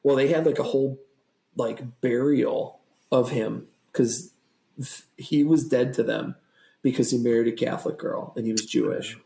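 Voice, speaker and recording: A man's voice: medium pitch, fairly even intonation, moderate pace, vocal fry, warm tone, roomy sound, poor audio. A man in his thirties, a podcast guest in a rambling, laughing casual chat.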